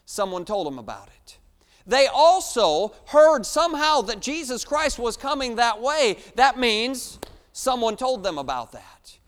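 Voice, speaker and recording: High-voiced man preaching in an echoing hall. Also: big pitch swings, a little slow. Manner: emphatic, rhetorical questions, swings between loud and hushed. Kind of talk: sermon. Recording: long hall reverb.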